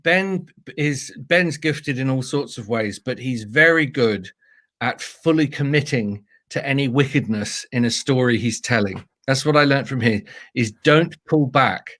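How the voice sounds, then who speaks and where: A British man, a storyteller, telling funny anecdotes in a playful, animated way during a casual interview. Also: medium pitch, unhurried. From Britain. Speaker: storyteller guest.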